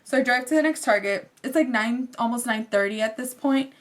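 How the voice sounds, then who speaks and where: A young woman with a fairly high voice talks straight to her viewers in a loose, chatty vlog. She tumbles through her story and drops "like" into nearly every phrase. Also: brisk. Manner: chatty and animated, fills speech with "like". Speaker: fashion vlogger.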